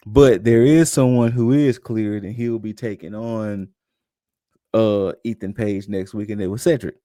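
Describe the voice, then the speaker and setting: A man's voice: fairly low pitch, fairly even intonation, measured pace, mellow, no room sound. A young adult man co-hosting a podcast, casually recapping events in a loose, conversational way and acting out quotes in passing. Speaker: podcast co-host recapping wrestling.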